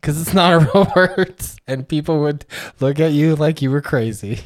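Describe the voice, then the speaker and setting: A man's voice: fairly high pitch, expressive, normal speed, no room sound, clean studio sound. A man co-hosting a casual podcast, rambling and interrupting himself as he talks, laughing often between thoughts. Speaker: podcast co-host. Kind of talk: casual chat.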